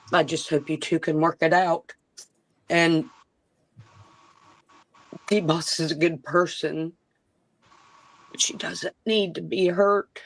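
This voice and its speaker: Tired woman, earnest and emphatic. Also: low-pitched. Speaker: guest on a live stream. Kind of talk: emotional live-stream talk.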